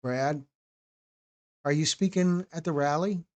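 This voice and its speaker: A man's voice: fairly high pitch, takes it slowly, a little mellow. A man hosting a live stream, chatting casually with viewers by name and often restarting his phrases. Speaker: documentary host answering live chat.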